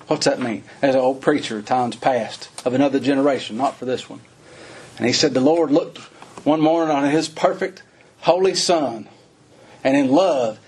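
A man preaching a sermon, reading scripture and explaining it in plain folksy talk, rising to fervent emphasis and slowing on key words. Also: darkish tone, breathy edge. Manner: rises to high, fervent emphasis and slows on key phrases; reads scripture in old-fashioned wording, then explains in plain folksy talk.

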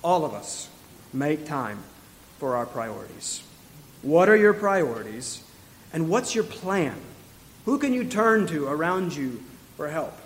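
A man preaching a sermon as pastor, earnest and exhorting, with quick asides and restarts. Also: a little high, very animated. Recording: long hall reverb.

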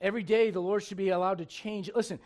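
A male pastor preaching a sermon, animated and humorous, with laughing asides and acted-out quotes. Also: sits high, quick pace.

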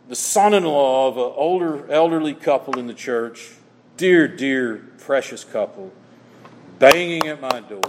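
A man preaching a sermon as pastor, telling stories that drop soft and then rise emphatic. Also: medium pitch. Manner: storytelling, dropping soft then rising emphatic. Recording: long hall reverb.

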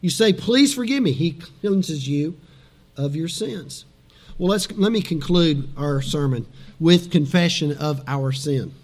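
A man preaching a sermon as pastor, animated and dramatic, dropping suddenly soft for emphasis. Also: a little high, slow.

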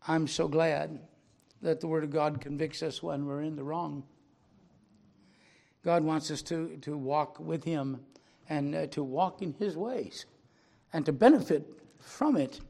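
An older man preaching a sermon, speaking slowly and earnestly, then leading a prayer. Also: on the high side, gravelly. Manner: slow and earnest, rising to loud dramatic recitation. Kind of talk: sermon closing with a recited poem and prayer.

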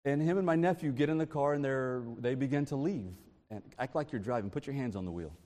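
A man preaching a sermon in an informal, animated storytelling way from a church sanctuary. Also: mid-range voice, fast. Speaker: pastor. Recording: long reverb of a large hall.

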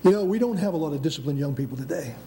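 An older American man preaches with a fairly high yet mellow, relaxed voice. He presses his points, restarts phrases and calls out "Amen?" to the congregation. A faint rumble of background noise sits behind him. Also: racing, vocal fry. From United States. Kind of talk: sermon.

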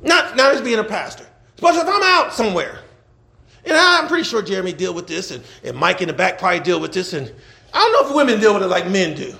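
A man preaching a sermon as pastor, animated, laughing and shouting at times. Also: high voice, fast talker, creaky, echoey room. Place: church.

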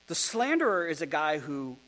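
Animated preacher man with a lively voice. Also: on the high side, moderate pace. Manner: animated, rhetorical, with ironic asides. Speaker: pastor. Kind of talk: expository sermon.

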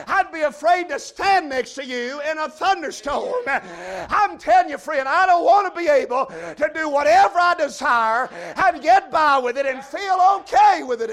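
Shouting high-pitched preacher man. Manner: shouting, with frequent drawn-out "uh" fillers. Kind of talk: fiery revival sermon.

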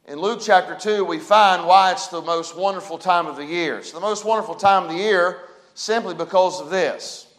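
High-voiced man preaching. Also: moderate pace, fairly bright tone, low-quality recording. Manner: preaching with rising emphasis and call-and-response. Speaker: pastor. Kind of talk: sermon. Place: church sanctuary.

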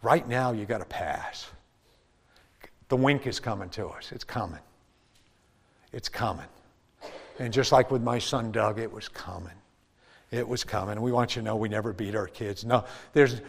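A middle-aged man preaching a sermon as a pastor, telling animated stories that swing into shouts and laughs. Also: medium pitch. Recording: long church reverb.

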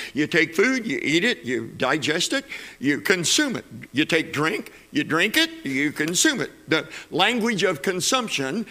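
Man, preacher, sermon, high voice, bright tone, repeats phrases, emphatic build-ups.

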